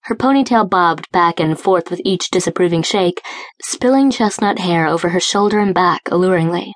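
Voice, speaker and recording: A woman reading a romance audiobook as its narrator, with smooth, even storytelling. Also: lowish voice, normal speed, no echo. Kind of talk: scripted narration. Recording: dry close studio read.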